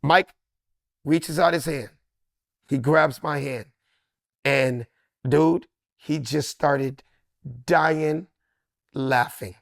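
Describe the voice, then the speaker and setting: A man in his fifties, a guest comedian, telling an animated anecdote and acting out voices. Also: a little high, drawn-out words, gravelly, long pauses, dry recording, clean studio sound. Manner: lively, acts out other voices.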